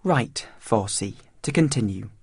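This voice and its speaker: A man's voice: fairly low pitch, expressive, measured pace, husky, no room sound, exaggerated voice. Man playing a kind schoolteacher, probing, encouraging, dry close sound. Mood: curious. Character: kindly curious male English teacher.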